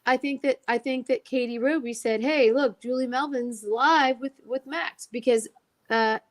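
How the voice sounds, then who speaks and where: A woman's voice: high-pitched, moderate pace. A woman telling an emotional personal story as a guest, acting out the voices of the people she quotes. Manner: animated, acts out quoted dialogue.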